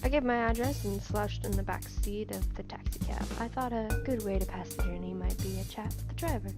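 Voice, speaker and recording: A woman's voice: mid-range voice, a little fast. Young woman reading a story game aloud. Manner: stumbles over words and corrects herself. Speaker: gaming channel host. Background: background music.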